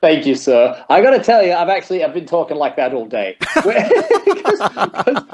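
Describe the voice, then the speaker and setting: A man chatting as a podcast guest, animated and laughing often, now and then jumping into a high shouted promo voice. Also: moderate pace, slight background noise. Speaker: podcast guest, metal singer. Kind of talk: casual chat. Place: in Japan, remote call.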